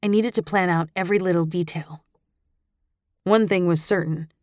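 A woman reads a first-person audiobook in a lowish, expressive voice. Her delivery stays intimate and close. The recording is dry with no room sound. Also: moderate pace, no room sound. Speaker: audiobook narrator.

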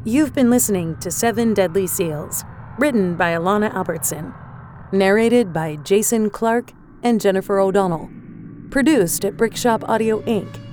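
A woman reading a scripted audiobook outro clearly and evenly, spelling out details. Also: mid-range voice, moderate pace, a little mellow, a little hiss or hum. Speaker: audiobook announcer.

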